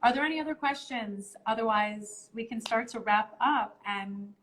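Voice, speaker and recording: A woman with a slightly high voice hosts a casual live stream from her phone. She explains things step by step, filling pauses with plenty of ums. Her tone is conversational and thoughtful. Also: fairly bright tone, a little hiss or hum, rough recording.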